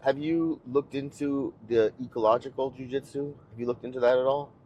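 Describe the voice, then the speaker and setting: Male guest coach, steady and explanatory, middle-pitched, faint road noise behind; casual chat. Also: brisk. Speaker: podcast guest, jiu-jitsu coach. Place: inside a car.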